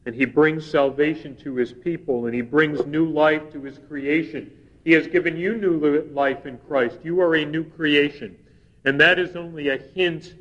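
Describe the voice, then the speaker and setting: A male preacher reads scripture at an unhurried, deliberate pace, leaning into key phrases with earnest weight. His voice rings with the long reverb of a large hall, and the recording sounds somewhat dull. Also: medium pitch, fairly bright tone. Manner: slow, measured scripture reading with earnest emphasis. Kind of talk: sermon reading scripture.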